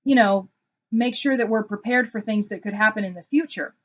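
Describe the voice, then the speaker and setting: A woman's voice: mid-range voice, fairly quick, lo-fi sound, close to an everyday voice. A woman putting on her husband's voice, a defensive adult man who dismisses being upset. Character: exasperated adult husband in denial.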